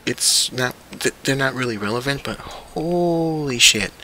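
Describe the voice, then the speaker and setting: A man's voice: mid-range voice, bright, forceful tone, slight background noise. A young man hosting his own vlog, talking in a casual, profane and incredulous rant. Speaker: vlog host.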